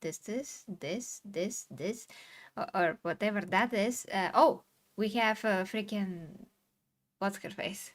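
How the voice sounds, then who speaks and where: A woman's voice: medium pitch, slow pace. A woman co-hosting a casual talk show, speaking bluntly and irritably with some swearing. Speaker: podcast co-host. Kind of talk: casual chat.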